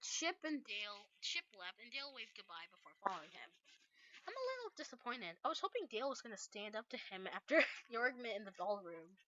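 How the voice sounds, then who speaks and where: A woman reading a fan-made story aloud in a casual, animated way with asides, on a dull, dry recording. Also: on the high side, fast.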